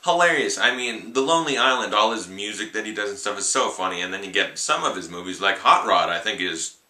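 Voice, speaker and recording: A man's voice: on the low side, expressive, fairly quick, pushed and bright. Young man rambling a movie review. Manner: rambling, offhand, many "like"s. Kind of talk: casual spoken film review. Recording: echoey room.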